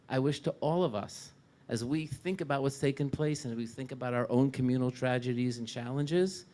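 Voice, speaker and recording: A man giving a sermon as a rabbi, telling stories and rising loud when he quotes figures. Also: medium pitch.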